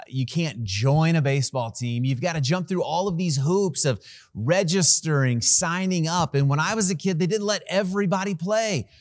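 A man preaching a sermon who tells a personal story in an animated, self-deprecating way and laughs at himself. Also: fairly high pitch, no echo, clean studio sound. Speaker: pastor.

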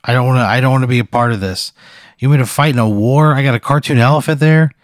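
A man's voice: mid-range voice, fast, no echo, studio quality. Incredulous, swearing man in casual chat. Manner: reluctant, incredulous, swears a lot, plays along with the bit. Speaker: podcast co-host.

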